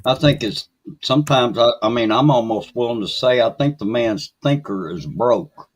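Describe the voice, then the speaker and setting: A man from Mississippi talking in a casual group chat, plain-spoken and steady. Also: mid-range voice, normal speed. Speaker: chat participant. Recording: dull lo-fi call audio.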